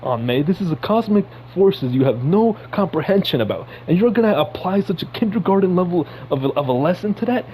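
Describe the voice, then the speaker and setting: A man's voice: expressive, brisk, few pauses, warm tone, slight background noise, low-quality recording. Heated swearing man ranting. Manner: heated, swearing, sudden high-pitched outbursts. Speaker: podcast host. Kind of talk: casual ranting commentary.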